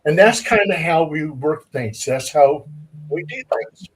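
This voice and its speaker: Husky man telling ghost-hunting stories. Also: a little high, lively intonation, a little slow, low-quality recording. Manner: acts out quoted dialogue in his stories. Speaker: paranormal investigator. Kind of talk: anecdotal storytelling.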